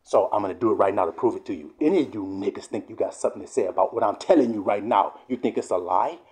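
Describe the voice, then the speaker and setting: A man preaching a fiery, profane sermon, swearing often and sometimes shouting. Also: lowish voice, fast.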